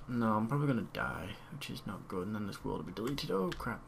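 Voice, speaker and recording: A young let's play gamer talks fast in a lowish voice with vocal fry and lively intonation, barely pausing as he chats casually about his gameplay and mutters repeated words to himself. His home mic picks up loud keyboard typing and a slight hiss or hum.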